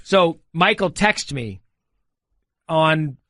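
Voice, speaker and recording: A man co-hosting a casual podcast in a studio, telling stories with animated energy and frequent laughter. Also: on the high side, very slow, no room sound. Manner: animated storyteller, laughs often. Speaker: podcast co-host.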